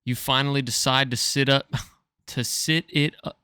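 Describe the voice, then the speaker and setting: A man with a smooth, resonant voice at a middle pitch reads a choose-your-own-adventure story aloud for his podcast. He stumbles over words now and then and laughs through them, and the sound is dry and close. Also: fairly even intonation, moderate pace, bright, forceful tone, no echo. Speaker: podcast co-host reading a story.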